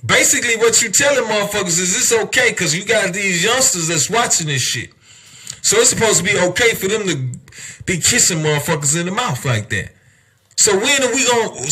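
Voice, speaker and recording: A man's voice: high voice, sing-song, normal speed, bright, forceful tone, breathy edge. A young adult man hosting a podcast, delivering a heated, profane rant full of rhetorical questions. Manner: heated, emphatic, heavy cursing, rhetorical questions. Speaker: podcast host.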